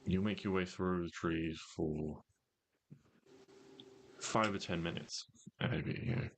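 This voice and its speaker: Deep-voiced man narrating a game. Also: steady tone, a little hiss or hum. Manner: measured narration with frequent ums and pauses. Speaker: game master.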